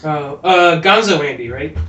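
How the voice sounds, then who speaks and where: A podcast co-host chats casually about a movie, reading trivia aloud and cracking jokes. His voice is slightly high, animated and bright, with a forceful tone and a measured pace. The audio is dull, with a roomy echo.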